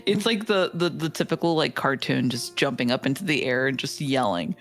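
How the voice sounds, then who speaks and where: A woman guest chatting casually on a stream, halting and repeating words as she talks. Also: a bass voice, animated, soft background music. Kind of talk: casual chat.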